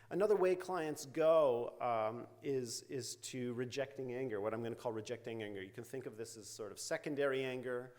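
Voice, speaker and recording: A middle-aged psychology researcher, invited to lecture in a university hall, speaks with a mid-range, slightly mellow voice at a moderate pace. His academic talk is loose, full of fillers and "right?" tag questions, and he quotes examples from therapy.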